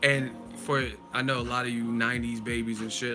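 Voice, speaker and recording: A man hosting a live-stream boxing chat, talking casually and excitedly, laughing often and swearing freely. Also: mid-range voice, fairly quick, over music. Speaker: boxing channel host.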